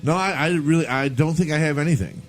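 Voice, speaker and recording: A man's voice: a little high, fast, soft background music. A man co-hosting a casual podcast, joking and laughing along. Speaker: podcast co-host. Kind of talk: casual chat.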